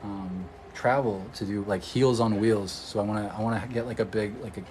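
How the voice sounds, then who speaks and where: A man's voice: lowish voice, steady tone, a little fast, darkish tone, slight background noise, poor audio. A man from Oregon, an energy healer, chatting casually on a livestream, rambling and answering viewer comments. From Oregon, USA.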